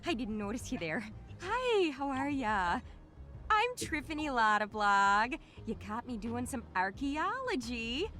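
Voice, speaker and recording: Here is a bubbly grumpus archaeologist from a video game, with a high, lively voice and a folksy Minnesotan accent. She chirps along in a chipper tone while soft game music plays. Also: a little slow. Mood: cheery. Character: cheerful female grumpus archaeologist.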